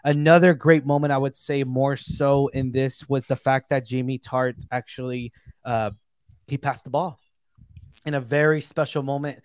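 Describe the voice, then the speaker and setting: A man's voice: mid-range voice, fairly even intonation, moderate pace, darkish tone, clean tone, no echo, studio quality. A man co-hosting a casual TV review chat, talking in a laid-back, slangy way and laughing often. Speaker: podcast co-host.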